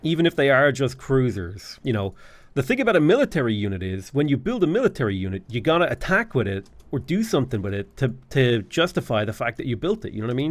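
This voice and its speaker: Ranting, animated male gaming host. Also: mid-range voice. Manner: rambling, ranting, profane. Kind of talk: casual gameplay commentary.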